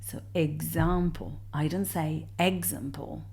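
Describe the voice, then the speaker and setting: Female theory tutor, low-pitched and unhurried, talks students through answers, counting beats aloud. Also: expressive, mellow. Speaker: music theory teacher. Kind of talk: explaining exam answers step by step.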